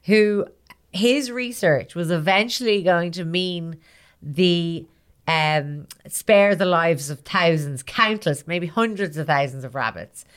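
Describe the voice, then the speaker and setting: A woman's voice: on the low side, slow. A woman co-hosting a podcast, telling a history story in a chatty, giggly way with little acted-out scenes. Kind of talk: casual chat.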